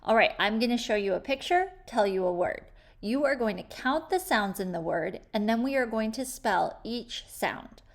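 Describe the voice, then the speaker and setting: Sounding out each word slowly, a woman with a slightly high, expressive voice gives kids a phonics spelling lesson full of clear, patient explanations.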